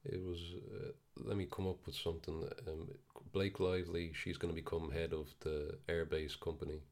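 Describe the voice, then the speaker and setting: Very deep-voiced laid-back man. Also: flat delivery, normal speed, darkish tone. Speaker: podcast co-host. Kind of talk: casual film review chat.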